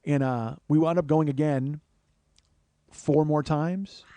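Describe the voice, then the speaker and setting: Host-comedian, middle-aged man, high voice, dry close sound; animated, foul-mouthed storyteller. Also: slow, no room sound. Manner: animated, profane, builds to excited loud stretches. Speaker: podcast host. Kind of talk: comic storytelling monologue.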